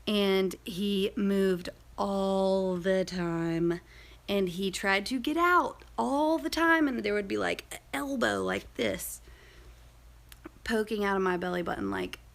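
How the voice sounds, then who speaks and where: A young woman chats her way through a personal story, rambling and full of asides. Her mid-range voice carries a gravelly fry that shows up often. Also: medium pitch, lively intonation, slow pace. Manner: chatty, rambling, many fillers and asides. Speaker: vlogger. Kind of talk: casual storytelling vlog.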